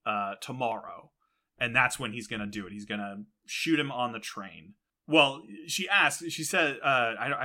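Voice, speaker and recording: A man's voice: mid-range voice, sharp tone. A man hosting a podcast, recapping an episode in a rambling way with many fillers and restarts. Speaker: podcast host. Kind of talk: casual show recap.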